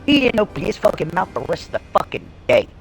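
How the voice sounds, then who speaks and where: A woman's voice: lowish voice, big pitch swings, fast, gravelly, faint music behind, poor audio. A woman livestreamer telling a story in casual talk, blunt and heavily profane. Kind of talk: casual storytelling on a live stream.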